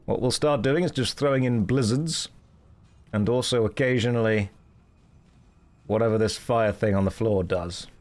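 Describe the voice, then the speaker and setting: A man's voice: lowish voice, moderate pace, long pauses, darkish tone. A man streaming a game, chatting casually and explaining mechanics in a playful, self-mocking way.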